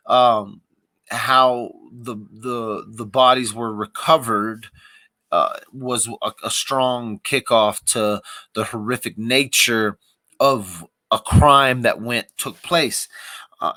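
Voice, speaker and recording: A man's voice: mid-range voice, pushed and bright, no room sound. A man giving casual, rambling live commentary as the host of a livestream, with a wry, thinking-aloud manner.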